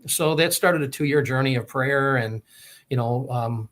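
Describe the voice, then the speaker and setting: A man's voice: medium pitch, a little slow, fairly bright tone. A man telling a long personal story in a rambling way, full of fillers and restarts. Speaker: guest telling his story. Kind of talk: casual storytelling.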